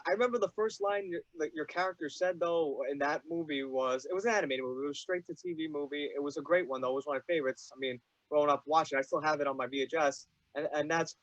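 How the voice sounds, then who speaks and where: A young man hosting an interview, asking eager, halting fan questions with many fillers. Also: fairly high pitch, fairly bright tone, no echo. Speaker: podcast host. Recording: dull dry lo-fi mic.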